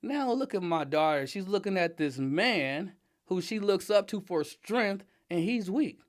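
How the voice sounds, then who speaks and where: A middle-aged man talking casually as an interview guest, emphatic and animated, laughing often and getting loud when riled up. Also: high voice, unhurried. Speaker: interview guest, father and design director.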